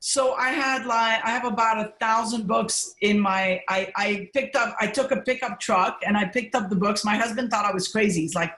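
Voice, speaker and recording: Animated woman doctor in an echoey room. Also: medium pitch. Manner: animated, storytelling, quick bursts of enthusiasm. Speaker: guest physician. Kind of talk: casual interview chat.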